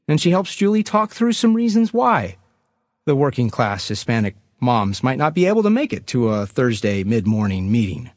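A man preaching a sermon, telling a story with an animated storyteller's delivery that swells at dramatic moments. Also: medium pitch, dry recording, studio quality.

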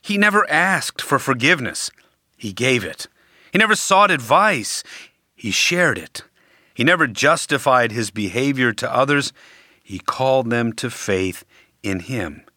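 A man preaching a sermon, speaking deliberately and emphatically with dramatic pauses. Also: mid-range voice, animated, sharp tone, dry recording, studio quality.

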